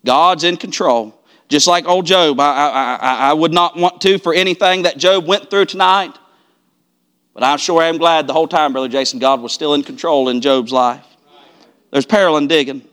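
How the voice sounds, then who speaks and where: Preacher guy, high bright voice, builds up to hollering, keeps repeating lines. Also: moderate pace, clean tone. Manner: rising to fervent shouted cadence, repeating phrases. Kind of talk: revival-style preaching.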